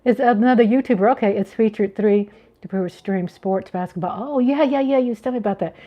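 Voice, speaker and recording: A middle-aged woman hosting a casual livestream from home, chatting with viewers, reading their comments aloud, laughing often and sometimes dropping into a hushed whisper. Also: mid-range voice, quick pace, highs cut off. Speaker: livestream host. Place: home, at night.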